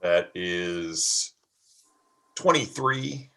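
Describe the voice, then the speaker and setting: Low, gravelly male tabletop player. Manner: relaxed, halting, with fillers. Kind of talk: casual tabletop play.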